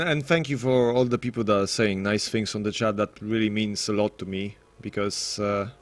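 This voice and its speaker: A man casting an esports match on his live stream, rambling and self-deprecating with frequent restarts. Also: mid-range voice. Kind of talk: casual live stream commentary.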